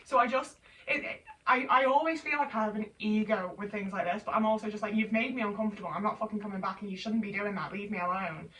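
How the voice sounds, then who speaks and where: A woman in her twenties rambles through a casual, sweary vent while folding laundry at home. Her voice sits at an ordinary middle pitch for a woman. She is set back from the microphone, with a faint hiss underneath. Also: fast, few pauses, a bit bright, distant mic, rough recording. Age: 20s. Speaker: vlogger. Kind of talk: casual venting chat.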